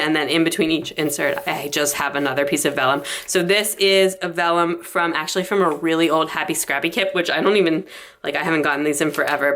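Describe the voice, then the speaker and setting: A woman's voice: sits low, a bit bright. A young adult woman chatting through her planner in a bubbly, rambling way, slightly out of breath. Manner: bubbly, rambling, lots of fillers. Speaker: planner vlogger.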